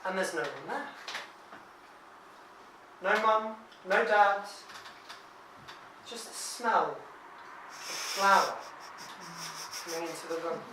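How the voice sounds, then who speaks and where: A woman telling a spooky story to a live audience, dropping to hushed tones and bursting out loud. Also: medium pitch, slow pace, long pauses. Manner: dramatic hushed drops and loud outbursts. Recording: echoey room from far off, light noise.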